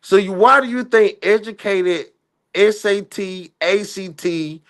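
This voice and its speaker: A man hosting a podcast, arguing in a heated casual debate and firing off rapid strings of "no.". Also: high voice, a bit bright. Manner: argumentative, repeats "no" in rapid bursts. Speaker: podcast host.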